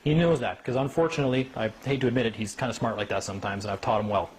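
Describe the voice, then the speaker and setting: Guy talking to a small group, lively, keeps saying "right?", does little voices for people, bit of faint hiss behind. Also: medium pitch, racing. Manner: animated, acts out quoted people, asks "right?". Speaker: speaker at a meeting. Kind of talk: informal talk to a small group.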